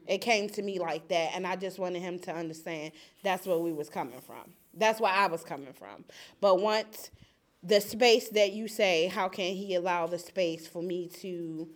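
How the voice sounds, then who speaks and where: Young woman in a support-group circle, emphatic and lively personal storytelling. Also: medium pitch. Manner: animated, emphatic, laughs often. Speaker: group participant sharing a story.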